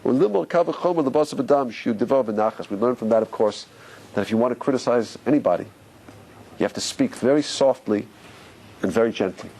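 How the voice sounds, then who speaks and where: A man, a rabbi, teaching a lively Torah class, questioning his listeners and repeating key points for stress. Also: medium pitch, quick pace.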